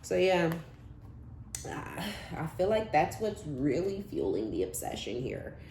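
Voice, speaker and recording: Low-voiced blunt woman reading tarot. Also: sing-song, unhurried, mellow. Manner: blunt, profane, laughing asides, slangy. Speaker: tarot reader. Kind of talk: casual tarot reading monologue. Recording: echoey room with faint background hum.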